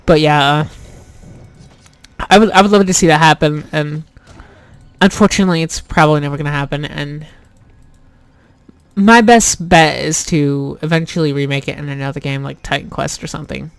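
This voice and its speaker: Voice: mid-range voice, moderate pace, pauses often, smooth, dry recording. Youtuber rambling over a let's play, lots of "like" and restarts, swears, dry close mic. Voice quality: rambling, full of restarts and fillers, self-deprecating, swears. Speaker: YouTuber playing a game. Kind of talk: casual let's play commentary.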